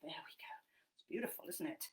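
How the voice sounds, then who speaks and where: A woman telling a story to young children, speaking gently and softly. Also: a little fast, whispered.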